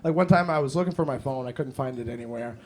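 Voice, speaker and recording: A man's voice: medium pitch, fast talker. A young man telling profane stand-up stories on a comedy club stage and acting out the dialogue. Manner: loose, profane storytelling with acted-out dialogue. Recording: noisy live club recording.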